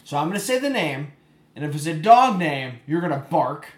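A man's voice: a little high, very animated, normal speed. A man hosting a podcast, playfully teasing his co-host and running a silly game. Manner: playful, teasing, laughs often. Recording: echoey room.

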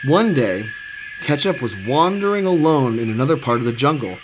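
A man reading a children's storybook aloud, expressive and sing-song. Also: medium pitch, moderate pace. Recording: steady background noise.

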